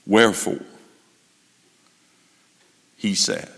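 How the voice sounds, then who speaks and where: A man preaching a sermon, slow and emphatic, building in intensity. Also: mid-range voice, expressive, creaky, a bit bright, big-room sound. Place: church.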